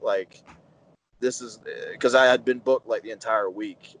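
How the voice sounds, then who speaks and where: Low-voiced man telling wrestling stories. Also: a little slow, a little hiss or hum, rough recording. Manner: animated anecdotes, acts out quoted dialogue, many fillers. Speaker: pro wrestler, interview guest. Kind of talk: casual storytelling interview.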